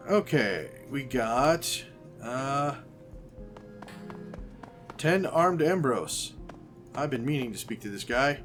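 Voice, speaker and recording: A man's voice: mid-range voice, lively intonation, takes it slowly, long pauses, fairly bright tone, soft background music. A man hosting a gaming channel, casually commenting on a playthrough, musing aloud as he weighs options and reads the game text.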